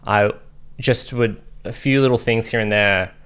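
A man's voice: on the low side, measured pace, a bit bright, smooth. A man with an Australian accent co-hosting a casual podcast chat, rambling and laid-back with lots of fillers. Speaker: podcast co-host.

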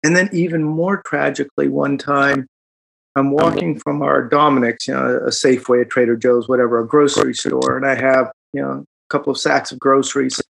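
A middle-aged man, recounting a personal story in an interview, animated and reflective, with quick laughs and fillers. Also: mid-range voice, vocal fry. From Chicago, United States. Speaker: guest.

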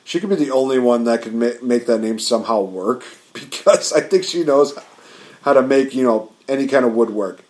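A man co-hosting a casual podcast, chatty and giving shout-outs to friends. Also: mid-range voice, moderate pace. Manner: chatty, gives shout-outs, laughs at the jokes. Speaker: podcast co-host. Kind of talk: casual wrestling podcast chat.

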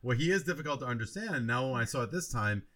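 A man on a movie review podcast talks in a plain mid-pitched voice. He thinks out loud, circling back and restarting his sentences as he goes. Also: lively intonation, rapid-fire. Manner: reflective, rambling with many restarts. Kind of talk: casual movie review chat.

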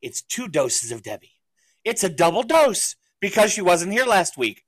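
A man's voice: high-pitched, big pitch swings, moderate pace, no echo. A man hosting a podcast in casual chat, rambling through stories and laughing often. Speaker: podcast host.

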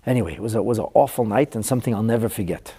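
A man's voice: on the low side, rapid-fire, dark tone, breathy edge. A middle-aged man teaching a Talmud class as a rabbi, telling a painful counseling story in an earnest, emotional way.

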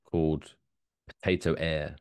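A man's voice: very deep voice, little pitch movement, unhurried, a little mellow, clear, resonant tone, no echo. A man co-hosting a comedy podcast in casual chat, jokey and reading news stories aloud. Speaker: podcast co-host.

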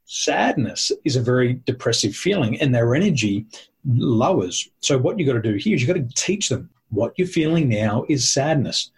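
Husky-voiced man explaining emphatically. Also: medium pitch, animated, moderate pace. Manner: emphatic, teacherly, lists points. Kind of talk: conversational explaining.

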